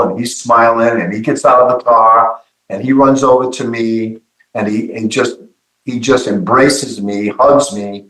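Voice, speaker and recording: Man, middle-aged, earnest halting testimony, repeats words, roomy echo. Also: medium pitch, fairly bright tone. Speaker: guest giving testimony. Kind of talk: emotional personal testimony.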